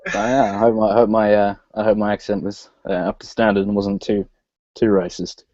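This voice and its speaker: A man's voice: lowish voice, flat delivery, a little fast, warm tone, no echo. Laughing man, guest. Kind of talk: casual interview chat. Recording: dull lo-fi audio.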